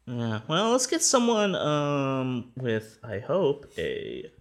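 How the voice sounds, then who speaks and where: A man hosting an improv comedy sketch with a wry, awkward, deadpan delivery. His voice is gravelly and swoops widely in pitch. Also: takes it slowly. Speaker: host.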